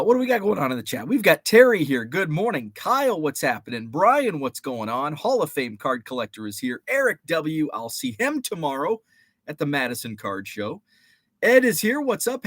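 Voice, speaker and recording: A man's voice: fairly high pitch, bright, forceful tone, dry recording. A man hosting a casual live stream, chatting and greeting viewers by name with rambling asides. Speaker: podcast host.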